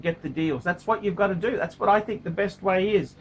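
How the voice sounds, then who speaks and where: High-voiced man, middle-aged, blunt and sweary, repeats himself, casual vlog. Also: fairly quick, slight background noise. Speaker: watch collector vlogger. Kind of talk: casual talking-to-camera vlog.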